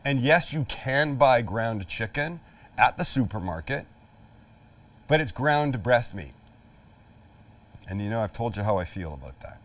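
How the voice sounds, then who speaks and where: A man's voice: mid-range voice, very animated, a little slow, pauses often, a bit bright, far from the mic. A middle-aged man hosting a casual cooking demonstration in his backyard, chatty, jokey and emphatic. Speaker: cooking show host. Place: outdoor backyard kitchen.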